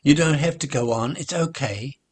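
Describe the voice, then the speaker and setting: A man voicing a kind girl who speaks gently and reassuringly. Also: medium pitch, normal speed, slightly rough, pitched above the performer's own voice, natural voice. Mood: comforting.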